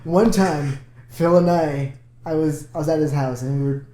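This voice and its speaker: A man in casual talk, telling an animated story and laughing along the way. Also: on the high side, moderate pace, reverberant. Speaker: podcast guest.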